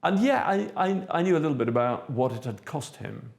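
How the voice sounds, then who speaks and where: Older man with a gravelly voice. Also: a little high, very animated, darkish tone. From South Africa. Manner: measured, thoughtful storytelling with frequent pauses. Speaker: interviewee, theatre director. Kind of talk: reflective personal recollection.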